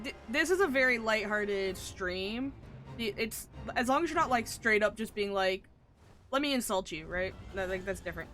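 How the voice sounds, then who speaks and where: Game streamer, woman; bright, forceful tone, excitable and profane, mutters then bursts out. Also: medium pitch. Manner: excitable, swings from mutters to loud outbursts, swears freely. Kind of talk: casual live-stream chatter.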